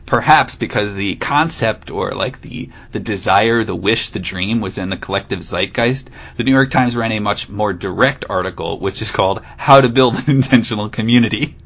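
A man's voice: fairly low pitch, moderate pace, few pauses, a bit bright. A man co-hosting a casual podcast, reading a news article aloud and often breaking into laughter. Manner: giggly, amused, reads with playful emphasis. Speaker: podcast co-host.

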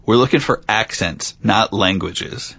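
A man's voice: lowish voice, a little slow, vocal fry, sharp tone, highs cut off. A man hosting a casual podcast, reading out facts and teasing his co-host with frequent laughs.

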